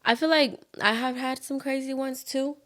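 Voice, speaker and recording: A woman's voice: sits high, steady tone, normal speed, a bit bright. A young woman co-hosting a podcast, telling a personal story in casual chat with many fillers and acted-out quotes. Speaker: podcast co-host.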